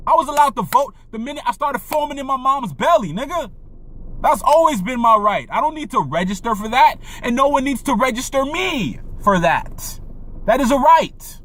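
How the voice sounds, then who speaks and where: A man's voice: very high voice, expressive, moderate pace, a bit bright. A young man delivering a preachy, profane monologue rant, full of repetition and rhetorical questions.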